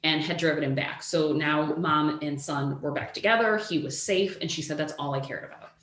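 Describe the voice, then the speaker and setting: A woman with a lowish voice tells a true-crime story to her co-host in a relaxed, chatty way. She is animated, swears casually and leans on "like" all the time. The recording has a roomy echo. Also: normal speed. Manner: animated, swears freely, says "like" a lot.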